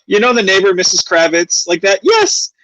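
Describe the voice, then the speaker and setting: An excitable man hosting a casual chat, whose pitch swings widely as he jumps in with eager agreement. He laughs often and talks in quick bursts. The sound is dry and close. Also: no room sound, low-quality recording. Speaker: host.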